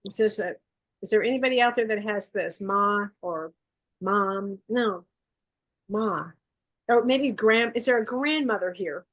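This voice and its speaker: A woman giving a psychic gallery reading over a video call, coaxing and relaying messages in quick bursts. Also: mid-range voice. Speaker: psychic medium. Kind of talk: live online gallery reading.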